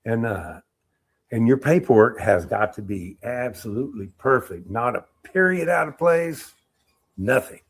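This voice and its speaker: A middle-aged man, an Army veteran, telling war-era stories in a casual interview, animated and acting out what people said. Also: medium pitch, measured pace, husky. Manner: animated storyteller, acts out quotes, laughs.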